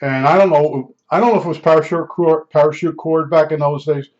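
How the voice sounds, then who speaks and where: A man's voice: fairly high pitch, fairly even intonation, a little fast, a little mellow. A man telling a rambling personal story in a casual way, full of restarts and asides. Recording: dull lo-fi recording.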